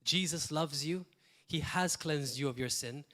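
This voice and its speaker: A man's voice: on the high side, a little slow, sharp tone. A male pastor, preaching a sermon in a conversational way, with repeated phrases and short asides. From Malta.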